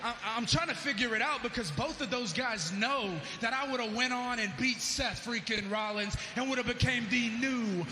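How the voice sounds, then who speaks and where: A man cuts a cocky, boastful wrestling promo in a high voice. It has the long, echoey reverb of a big indoor arena, with loud noise behind him. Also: moderate pace, hardly any pauses. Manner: cocky, trash-talking. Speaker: pro wrestler.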